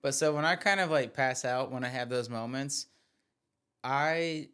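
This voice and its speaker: A man's voice: medium pitch, unhurried, fairly bright tone, clear, resonant tone. A man co-hosting a podcast, telling a story on himself in casual chat, chuckling often. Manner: chuckling, self-mocking, jumps into the story. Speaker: podcast co-host.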